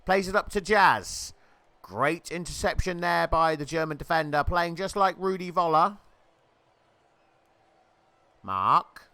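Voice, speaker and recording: Close, dry and free of room sound, this clip has a man playfully calling a video game football match. His high voice sounds crisp and smooth, and his jokey patter bursts into excited shouts at near misses and goals.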